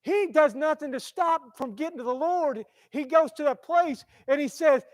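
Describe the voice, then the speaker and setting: High-voiced guy preaching, gets loud then drops real quiet, repeats himself a lot, dry close sound. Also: moderate pace, few pauses, dry recording. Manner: impassioned, swings from loud to hushed, repeats phrases. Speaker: pastor. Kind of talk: sermon. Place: church.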